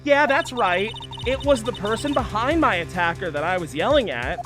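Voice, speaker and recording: A man's voice: high-pitched, expressive, normal speed. A man voicing a nervous young female spirit medium on the witness stand, stammering and evasive, with game music behind.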